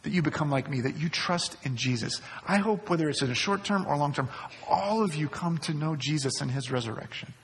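A man's voice: a little high, lively intonation, fairly quick, hardly any pauses, slight background noise. Man preaching in a reverberant hall. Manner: repeats phrases for emphasis. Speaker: pastor. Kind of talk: sermon.

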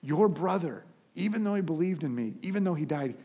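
A man preaching a sermon as a pastor, telling a story with animated energy and frequent restarts. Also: fairly high pitch, brisk, husky.

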